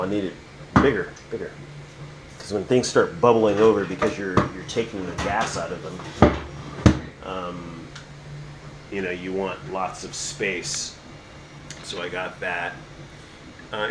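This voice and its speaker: Casual male host, lowish voice, rambling show-and-tell, filler-heavy, with an AC hum in the room. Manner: rambling, lots of fillers and restarts. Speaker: lab tour host. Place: home lab room. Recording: air conditioning hum behind.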